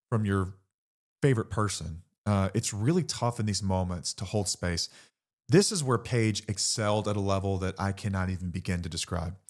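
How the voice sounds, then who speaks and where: Low-voiced guy, middle-aged, blunt and earnest, swears a bit, talks straight to the listener. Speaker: podcast host. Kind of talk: candid recovery talk.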